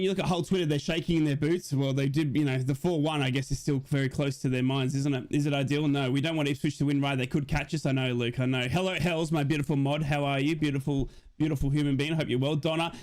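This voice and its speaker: A man hosting a football watch-along stream, casually chatting and reading out viewer messages in a rambling, excitable way. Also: fairly high pitch.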